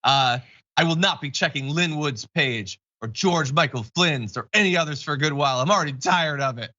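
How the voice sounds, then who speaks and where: A man's voice: a little high, sharp tone, lo-fi sound. A man hosting an online news show, talking in a wry, joking, casual way and reading out viewer messages. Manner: wry, joking, fast asides. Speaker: show host.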